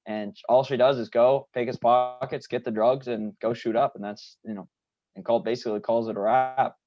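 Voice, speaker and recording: A man's voice: medium pitch, fairly even intonation, moderate pace, no room sound. A man co-hosting a podcast, casually discussing a TV episode in a loose way, full of "you know" fillers. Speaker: podcast co-host. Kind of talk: casual show recap chat. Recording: dry, dull lo-fi sound.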